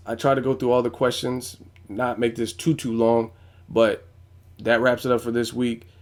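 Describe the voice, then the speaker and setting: A man's voice: mid-range voice, little pitch movement, normal speed. A man giving casual, blunt boxing commentary on his vlog, with plenty of profanity. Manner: casual, blunt, profane, frequent "you know what I'm saying". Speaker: boxing YouTuber.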